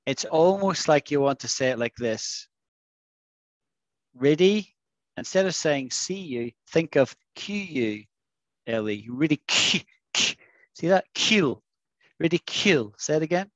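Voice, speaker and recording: A man teaching an English vocabulary lesson in an online class, patiently coaxing students and modelling pronunciation slowly. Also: a little high, expressive, no echo, rough recording. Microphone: video call.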